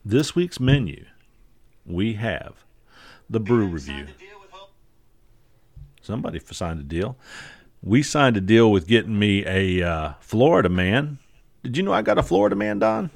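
A man's voice: fairly low pitch, very animated, a little slow, vocal fry, long pauses. A man hosting a podcast in casual chat, rambling and jokey with lots of fillers. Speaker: podcast host.

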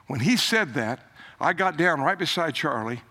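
An older man preaches a sermon as a story. His voice sits high and bright, climbing on emphatic lines and dropping low and soft when he quotes others. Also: lively intonation, moderate pace.

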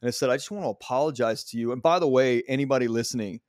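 A man's voice: medium pitch, rapid-fire, a little mellow, dry recording. Middle aged guy hosting a podcast, swears a lot, tells it straight, dry close sound. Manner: candid, profane storytelling. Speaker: podcast host. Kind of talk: casual conversation.

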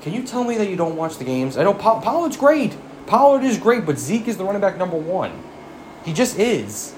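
A man's voice: sits high, big pitch swings, brisk, a little mellow, slight background noise. A man giving a profane, exasperated sports rant as a fan commentator, firing off rhetorical questions.

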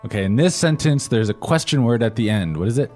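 A man's voice: medium pitch, lively intonation, fast talker, darkish tone, faint music behind. Man co-hosting a language lesson. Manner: prompting questions, recapping in plain English. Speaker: co-host.

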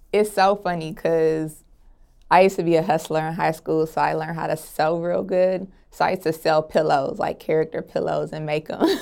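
A woman's voice: lowish voice, vocal fry, darkish tone, clean tone. A young woman from Atlanta answering interview questions in an easygoing way, laughing often. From Atlanta, Georgia. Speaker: interview guest. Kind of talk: relaxed sit-down interview answers.

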